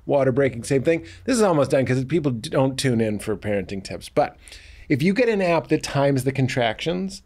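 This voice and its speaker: A man's voice: mid-range voice, animated, fairly quick, a little mellow. A man, a guest comedian, chatting and riffing with playful bits on a comedy podcast. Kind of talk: casual comedy podcast chat.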